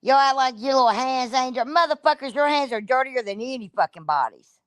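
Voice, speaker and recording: A woman ranting on a livestream, blunt and profane, cursing freely as she calls people out. Her voice sits a little high, and the sound is dry and close with no room echo. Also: expressive, a little fast. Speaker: streamer.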